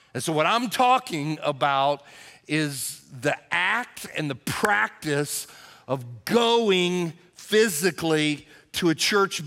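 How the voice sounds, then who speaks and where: Bright-voiced, high-pitched male pastor preaching. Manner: emphatic, repeats words when stressing a point. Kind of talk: sermon.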